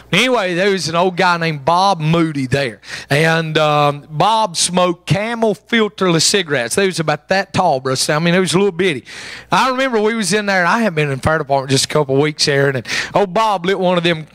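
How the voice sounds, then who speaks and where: A man's voice: on the high side, fairly bright tone, no echo. A man making church announcements, telling stories in a folksy, joking way and chuckling between lines. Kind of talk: pulpit announcements and storytelling. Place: church sanctuary.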